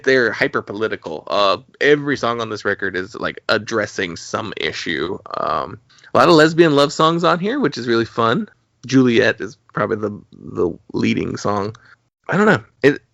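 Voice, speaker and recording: A man's voice: fairly low pitch, gravelly, a bit bright, no room sound. A man co-hosting a podcast, talking casually about albums in a rambling way with lots of fillers. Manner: rambling, with many fillers and laughs. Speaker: podcast co-host. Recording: dull, slightly lo-fi dry recording.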